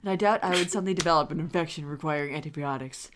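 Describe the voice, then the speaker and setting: Brief: woman reads a composed male officer, low pitch, smooth and measured delivery. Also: natural voice.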